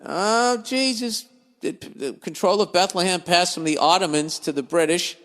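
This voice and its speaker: A man with a somewhat high voice rants his way through listener letters, swearing freely and wandering off on tangents. A long reverb trails after his words. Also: normal speed, a bit bright. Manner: swears freely, grumbles and digresses. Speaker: podcast host reading listener letters. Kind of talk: profane comedic rant.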